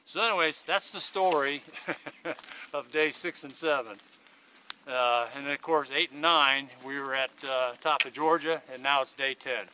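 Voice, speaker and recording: A man's voice: mid-range voice, measured pace, sharp tone, a little hiss or hum. A man chatting to a handheld camera outdoors on a hiking trail, rambling through a long story in a casual vlog. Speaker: hiker vlogging his thru-hike. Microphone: handheld video camera.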